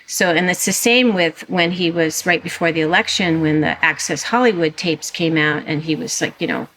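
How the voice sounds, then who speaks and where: A woman, a historian and author, speaking as a guest in a conversational interview, animated and emphatic with frequent restarts. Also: deep voice, moderate pace, a little hiss or hum.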